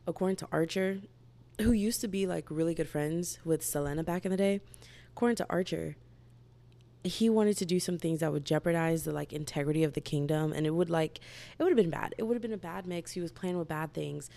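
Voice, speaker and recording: A woman's voice: low-pitched, brisk, gravelly, mellow. A young woman chatting casually and animatedly as a book vlogger, gushing and rambling with lots of "like". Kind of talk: casual book review chat.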